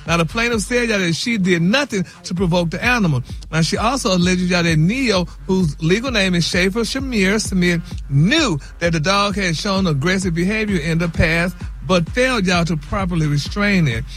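A man's voice: high-pitched, normal speed, hardly any pauses, fairly bright tone, soft background music. A man reading celebrity news on a radio morning show, sassy, dropping "y'all" and "honey" throughout.

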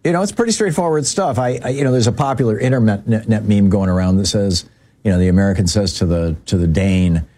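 A man hosting a radio talk show, giving political commentary and telling anecdotes in a loose conversational way, full of fillers and restarts. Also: quick pace. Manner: conversational, many "you know" fillers and restarts; lively storyteller, jumps pitch for emphasis.

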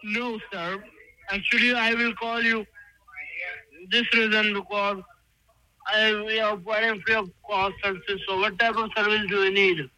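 A man cold-calls with a rote sales pitch, his words hard to make out. His voice sits high and sounds sharp and bright. It comes through a thin phone line. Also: little pitch movement, moderate pace, no room sound. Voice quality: hard to understand. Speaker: telemarketer caller. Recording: phone line played on air.

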